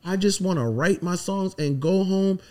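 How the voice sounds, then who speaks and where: A man's voice: high-pitched, moderate pace, mellow. A middle-aged man from the Virgin Islands, a songwriter guest talking emphatically and from the heart in a casual podcast interview.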